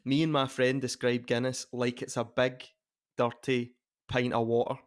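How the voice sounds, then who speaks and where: A man's voice: mid-range voice, little pitch movement, normal speed. A man co-hosting a casual chat on a video call, playful and mock-formal. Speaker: co-host.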